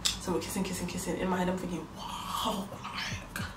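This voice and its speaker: A woman's voice: fairly low pitch, little pitch movement, rapid-fire. A young woman telling a story in a casual, slangy way, acting out both sides of it. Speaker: vlogger. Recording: echoey room, mic at a distance, faint music.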